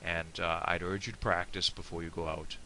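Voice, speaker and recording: An American man gives a casual, rambling screen-share lesson on a toast, full of fillers and self-deprecating asides. His voice sits low, flat, a little fast, pushed, and bright, with faint hiss in the recording.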